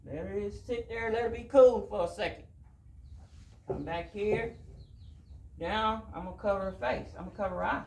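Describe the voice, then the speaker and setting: A man, a horse trainer talking casually through his work in a soft, hushing, calming voice, outdoors. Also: high-pitched, moderate pace, creaky, long pauses, roomy sound, a little hiss or hum. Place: outdoors at a horse pen with farm birds.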